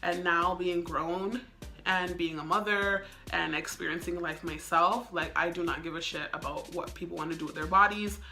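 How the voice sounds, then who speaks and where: Chatty young woman, bright voice. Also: fairly low pitch, fairly even intonation, moderate pace, soft background music. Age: young adult. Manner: chatty, full of "like" and "um" fillers. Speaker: vlogger. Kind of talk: casual storytime.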